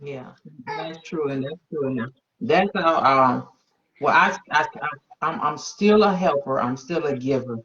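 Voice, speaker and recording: A woman hosts a faith-centered conversation, speaking with emphasis and frequent exclamations of agreement. The recording is dull and a little lo-fi, the high end muffled. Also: unhurried, fairly bright tone. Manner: emphatic, exclaims and affirms often. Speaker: podcast host. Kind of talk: faith-based conversational interview. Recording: dull lo-fi sound.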